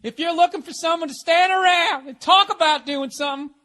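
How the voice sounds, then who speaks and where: A man putting on a blustering, macho presidential candidate who brags in a loud stump-speech voice. The voice is pitched well above the man's own and pushed hard. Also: fairly quick. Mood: boastful.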